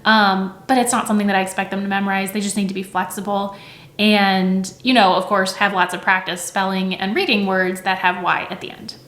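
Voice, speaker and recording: A woman's voice: medium pitch, little pitch movement, brisk, a bit bright, roomy sound. A woman teacher explaining reading rules in a conversational way, often checking in with "right?" and saying sounds aloud to demonstrate. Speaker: teacher and educator.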